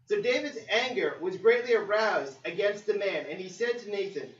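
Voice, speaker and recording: A male preacher delivering a sermon, telling the story in a lively way with acted-out quotes. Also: high voice, normal speed, few pauses, a little hiss or hum. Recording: roomy, distant, dull sermon recording.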